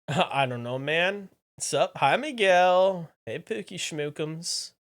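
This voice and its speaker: A streamer in casual live chat with viewers, playful and teasing, repeating phrases and swinging from mumbled asides to loud exclamations. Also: mid-range voice, takes it slowly. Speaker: livestreamer.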